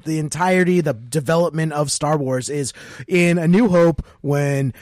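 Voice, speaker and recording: A man co-hosting a podcast in casual chat, emphatic and contrarian, who keeps cutting in to press his point. His voice is fairly high for a man. The sound is dry and close, with no room echo. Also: moderate pace, darkish tone. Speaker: podcast co-host.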